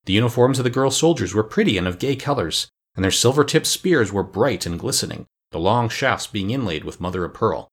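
A man narrating a classic children's storybook in a measured, even reading. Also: on the low side. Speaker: audiobook narrator. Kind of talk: scripted narration.

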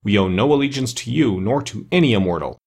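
A man with a husky voice voicing the proud, threatening king of a race of evil creatures in a storybook reading. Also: fairly low pitch, animated, fast, exaggerated voice. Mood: angry. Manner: fierce, impudent, threatening.

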